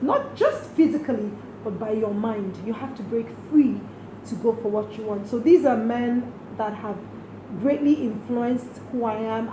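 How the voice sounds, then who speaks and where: Woman from Nigeria, middle-aged, earnest reflective answers, echoey room, noisy background. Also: fairly high pitch. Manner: earnest, speaks directly to late mother. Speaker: interview guest. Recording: roomy with clear background noise.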